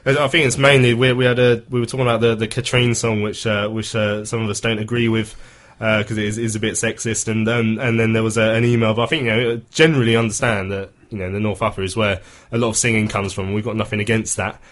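A man's voice: on the low side, flat delivery, a bit bright. A man hosting a football phone-in radio show, chatting casually with lots of fillers and restarts. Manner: quick, hesitant, many fillers.

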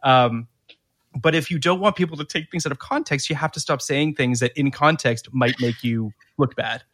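A man's voice: medium pitch, moderate pace, a bit bright. A man co-hosting a podcast in casual chat, opinionated and prone to stammering restarts. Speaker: podcast co-host.

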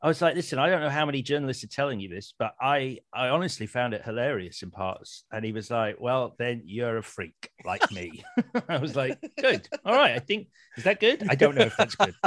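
A man's voice: medium pitch, big pitch swings, fairly bright tone, no room sound. Chatty laughing man, dry studio. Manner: chatty, laughs easily, quick reactions. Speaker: podcast host, film journalist. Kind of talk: casual chat, interviewing.

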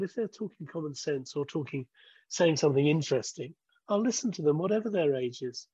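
A man in his sixties, a former broadcaster, talking as an interview guest in a measured way, thinking aloud and restarting sentences. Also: on the high side, expressive, dark tone, breathy edge, no room sound, lo-fi sound. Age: 60s. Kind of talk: conversational interview.

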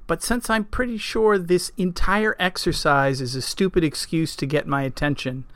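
A plain-spoken knight with a candid, matter-of-fact delivery, voiced by a storyteller. The voice is smooth and a little higher than usual for a man, with a dry, close sound. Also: steady tone, normal speed, a bit bright, dry recording, natural voice.

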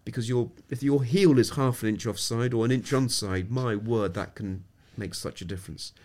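Here a middle-aged sports psychologist from England, guesting on a podcast, recounts stories reflectively and anecdotally, often beginning sentences again. His voice is medium-pitched with a darkish tone, and his pace is moderate.

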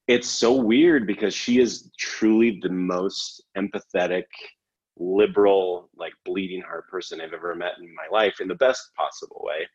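A man's voice: low-pitched, steady tone, normal speed, husky, lo-fi sound. A man hosting a casual chat, rambling and self-correcting and laughing often. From Canada. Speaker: podcast host.

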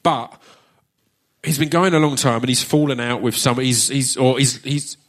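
Man with an Essex accent, casual stage chat, jokey and loose, drops the odd swear, keeps restarting sentences, mid-pitched voice, live audience Q&A. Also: normal speed, a bit bright. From Essex, England. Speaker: performer hosting an audience Q&A. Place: theatre stage at a live book launch.

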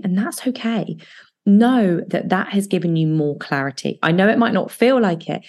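A woman with a low voice hosts a solo self-help podcast. She speaks as a coach, calm and reassuring. She slows right down to guide breathing exercises.

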